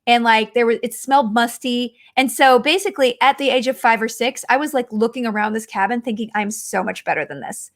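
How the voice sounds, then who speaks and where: A woman in her forties talks through a casual podcast chat in a bright, high voice. She rambles from story to story and pokes fun at herself along the way. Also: fairly even intonation, brisk, hardly any pauses. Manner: chatty, self-mocking, rambling storyteller. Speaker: podcast host.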